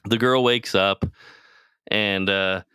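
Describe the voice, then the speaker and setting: A man's voice: lowish voice, fairly even intonation, slow pace, bright, forceful tone, clean tone, dry recording, clean studio sound. A man co-hosting a podcast, casually retelling a TV show in a rambling, profane way and acting out the characters' lines. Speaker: podcast co-host.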